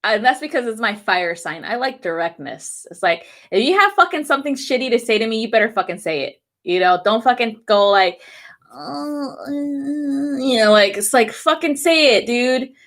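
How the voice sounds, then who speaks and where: A woman's voice: a little high, fairly quick, hardly any pauses. A woman reading weekly astrology transits, talking bluntly to her viewers with lots of swearing and frequent laughter. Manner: animated, talks directly to viewers. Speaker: astrology and tarot reader. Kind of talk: casual weekly astrology forecast.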